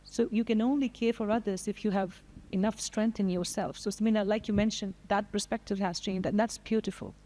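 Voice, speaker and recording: A woman moderating a panel discussion, speaking in a measured, reflective way. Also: mid-range voice, steady tone, warm tone. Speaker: panel host. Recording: long hall reverb.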